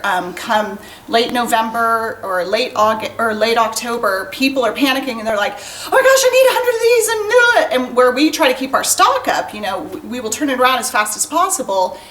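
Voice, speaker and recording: A woman's voice: a little high, fairly bright tone, a little hiss or hum, low-quality recording. A woman who owns a craft shop, hosting a casual livestream demonstration in a chatty, upbeat way and laughing often.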